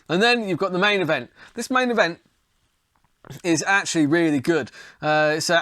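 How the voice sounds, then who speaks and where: A young man hosting a fight-betting show, talking casually and profanely, thinking out loud as he goes. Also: on the high side, animated, normal speed, no echo. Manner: profane, chatty, talks himself into things. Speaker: podcast host, fight tipster.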